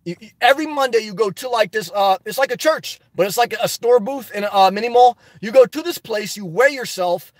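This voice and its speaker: Male livestream host, very high pitch, animated and preachy, dry close mic. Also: fairly quick, few pauses, no echo. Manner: rambling, preachy and animated, laughs often. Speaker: livestream host reading viewer chat. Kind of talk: casual live chat.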